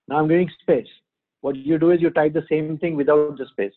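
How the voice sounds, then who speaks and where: A man's voice: a little high, steady tone. A man teaching a Sanskrit class on a video call, patiently sounding out letters and quizzing his students. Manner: patient, repeats sounds slowly, asks students questions. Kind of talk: online class, explaining pronunciation. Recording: phone-like narrow band.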